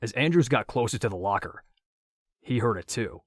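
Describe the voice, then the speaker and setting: A man reading an audiobook story in a steady, measured narration. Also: mid-range voice, no echo, studio quality.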